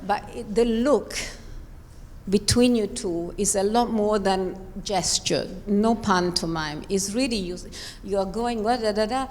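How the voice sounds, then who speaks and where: A woman's voice: mid-range voice, a little slow, darkish tone, big-room sound, slight background noise. A woman coaching dancers in a live rehearsal, emphatic and encouraging as she talks them through each step in a large performance studio. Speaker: ballet coach.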